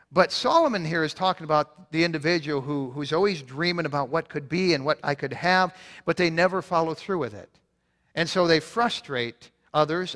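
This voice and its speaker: A pastor preaches a sermon in a church sanctuary, his voice fairly high and a bit bright, with long church reverb on the recording. He is earnest, repeats points for emphasis, and often restarts his words.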